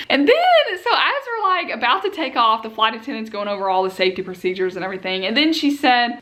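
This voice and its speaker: A young woman with a Southern accent, telling a story in a chatty, animated vlog and laughing easily. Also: fairly high pitch, fast talker, hardly any pauses. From Knoxville, Tennessee. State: excited and wired. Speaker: vlogger.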